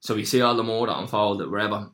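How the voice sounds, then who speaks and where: Fast-talking young man. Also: fairly low pitch, steady tone, a bit bright, echoey room. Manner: rapid, laughing through the telling. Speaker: guest telling a story. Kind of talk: casual anecdote, swearing.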